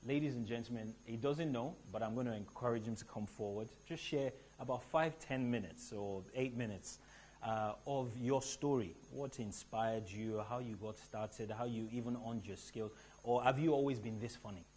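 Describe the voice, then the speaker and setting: A man from Nigeria hosting a live event, telling stories to the audience in an animated, emphatic way from a stage mic. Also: medium pitch, moderate pace, a little hiss or hum. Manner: animated storytelling with a rising, emphatic delivery. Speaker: event host.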